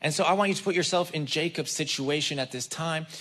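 A man's voice: a little high, fast, a bit bright. A man preaching a conversational sermon, talking straight to the congregation and acting out the people in the story. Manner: casual and chatty, addresses the congregation directly. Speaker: guest preacher.

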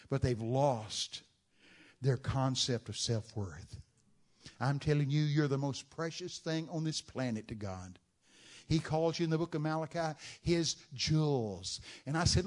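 Male preacher, dramatic storyteller, mid-pitched, full of rhetorical questions. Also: moderate pace, a little mellow. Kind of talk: sermon.

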